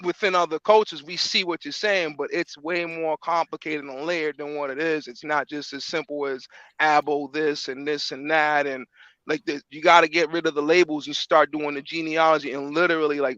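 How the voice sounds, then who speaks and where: A man's voice: on the high side, fairly even intonation, moderate pace, a bit bright, dry recording. Rambling man on a dull lo-fi line. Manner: rambling, filler-heavy, constant "like". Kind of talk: casual chat. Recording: dull lo-fi dry sound.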